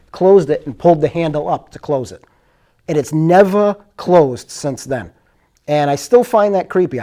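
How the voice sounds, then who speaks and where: A man's voice: a little high, mellow. A man hosting his own show, telling true spooky stories in a rambling, conversational way and acting out what people said. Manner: rambling, conversational, acts out quoted lines. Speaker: show host. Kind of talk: casual storytelling.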